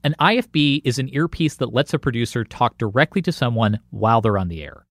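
A man's voice: medium pitch, lively intonation, a little fast, no echo, studio quality. A man reporting and narrating a documentary podcast in a scripted, storytelling delivery.

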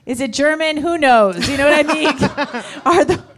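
A woman's voice: high-pitched, animated, measured pace, a little hiss or hum. A woman doing chatty, teasing banter with her partner in a live comedy double act on a stage mic. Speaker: stand-up comedian.

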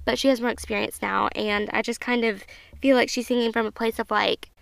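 A woman's voice: on the high side, steady tone, fairly quick, gravelly, fairly bright tone, smooth, dry recording. A woman in her twenties hosting a casual podcast review, chatty and gushing, full of fillers, emotional at times. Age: 20s. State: emotional, near tears at times. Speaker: podcast host.

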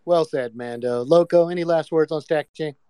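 A man hosting a casual group audio chat, relaxed and swearing freely as he calls on each speaker. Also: a little high, moderate pace, clean tone, no echo. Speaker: host.

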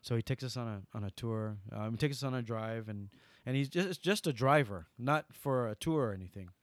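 A man, a guest on an interview podcast, telling lively stories and acting out the dialogue. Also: mid-range voice, a little fast, no echo. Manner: lively storyteller, acts out dialogue. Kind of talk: casual interview storytelling.

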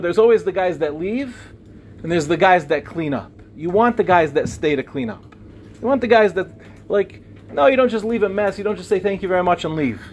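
A young man teaching as a rabbi, telling personal stories in an animated way with humorous asides. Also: high-pitched, slight background noise. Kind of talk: Torah lecture with personal stories.

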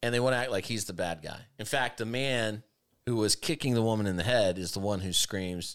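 A talk show host delivers opinionated, argumentative commentary with emphasis, his phrasing swinging between rushed and drawn-out. His voice is on the low side with a fairly bright tone.

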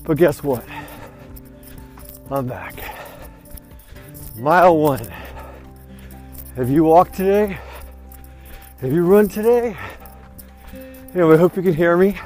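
A man's voice: fairly high pitch, unhurried, pauses often, darkish tone, soft background music. A man hosting his own vlog, chatting outdoors while he walks, slightly out of breath, rambling and upbeat. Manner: rambling, upbeat, repeats "you know what". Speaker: vlog host. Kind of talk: casual motivational talk. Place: outdoors, walking or running.

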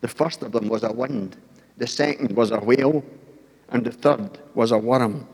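Older preacher, breathy voice. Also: male voice, medium pitch, normal speed, darkish tone, long reverb tail. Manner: storytelling, acts out voices, asks the congregation questions. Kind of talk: sermon.

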